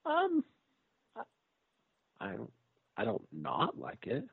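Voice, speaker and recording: A man co-hosting a wrestling podcast, chatting casually and excitedly, often stammering. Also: medium pitch, takes it slowly, vocal fry, breathy edge, no echo. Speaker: podcast co-host. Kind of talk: casual chat. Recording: phone-like line.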